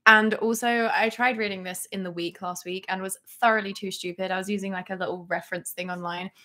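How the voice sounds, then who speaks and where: A woman's voice: mid-range voice, steady tone, fast, sharp tone. A woman chatting casually as co-host, giggly and self-deprecating. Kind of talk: casual chat.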